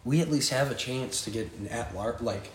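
A man's voice: medium pitch, moderate pace. A young man co-hosting a casual podcast, bantering loosely with friends, laughing and swearing. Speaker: college athlete podcast co-host. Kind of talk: casual chat. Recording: echoey room with slight noise.

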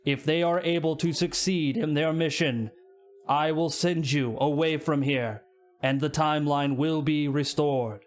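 A man's voice: fairly high pitch, steady tone, close to an everyday voice. A man voicing an ancient stone guardian. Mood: solemn. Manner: slow, grand, formal pronouncements. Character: ancient solemn stone time guardian, male. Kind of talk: tabletop role-play voicing.

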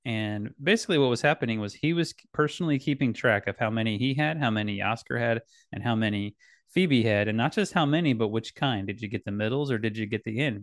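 A man's voice: mid-range voice, no echo, clean studio sound. A father in casual talk, telling a family story in a rambling way, correcting himself often and laughing now and then. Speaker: podcast host and dad.

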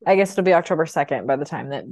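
A woman from the Midwest co-hosting a podcast in casual chat, playful and quick to laugh. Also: low-pitched, lively intonation, a little mellow, no room sound, studio quality. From American Midwest. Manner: playful, laughing, riffs on wordplay.

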